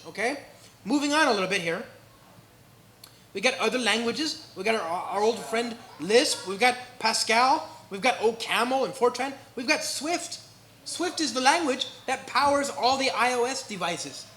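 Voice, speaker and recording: A man with an American accent giving a live tech talk at a meetup, energetic and joking, often checking in with the crowd. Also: extremely high pitch, roomy sound. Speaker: conference speaker. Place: indoor meetup venue.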